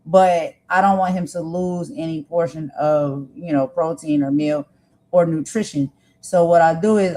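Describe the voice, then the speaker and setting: A woman's voice: low voice, unhurried, dark tone. A woman hosting a live cooking stream in a casual, chatty way, reading viewer comments aloud and rambling with filler phrases. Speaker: cooking channel host.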